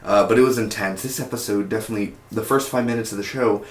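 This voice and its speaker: A man's voice: fairly low pitch, steady tone, fast. Rambling male TV reviewer, echoey room. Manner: rambling, repeats words, self-corrects. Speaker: TV episode reviewer. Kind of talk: casual video review. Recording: echoey room with faint noise.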